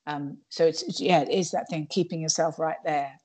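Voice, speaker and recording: A woman's voice: deep voice, steady tone, normal speed, warm tone, husky. A woman stand-up comedian chatting in an interview, digressive and full of restarts. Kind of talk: casual interview chat.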